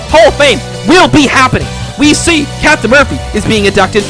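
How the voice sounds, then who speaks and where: A young man doing profane, excitable play-by-play for a hobby wrestling show, swearing constantly and breaking into shouted hype. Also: very high voice, fairly quick, few pauses, music in the background. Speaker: fake wrestling commentator.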